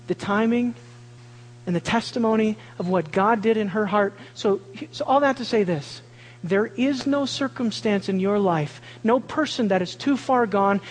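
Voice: medium pitch, in a large hall, slight background noise, rough recording. A preacher giving a sermon, telling a family story and acting out the voices of the people in it.

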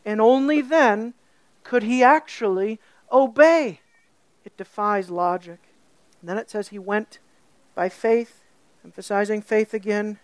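Preaching with energy, a woman speaks at medium pitch in a recording free of room sound. She keeps asking the congregation questions and elongates key words to drive them home.

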